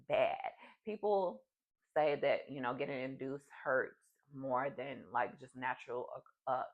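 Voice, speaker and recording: A woman's voice: extremely low pitch, muffled recording. A young adult woman vlogger telling a personal story in a casual, chatty way, full of fillers. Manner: chatty, animated, many fillers.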